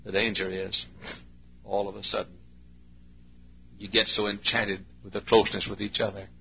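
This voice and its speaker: A man's voice: on the low side, little pitch movement, moderate pace, gravelly, slightly rough. A man preaching a sermon in a folksy storytelling way, acting out little scenes. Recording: dull lo-fi recording with faint hum.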